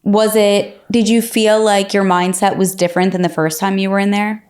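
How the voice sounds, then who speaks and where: A woman's voice: mid-range voice, fairly even intonation, normal speed, darkish tone. A woman hosting a podcast, asking brief, attentive follow-up questions. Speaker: podcast host. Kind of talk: interview questions.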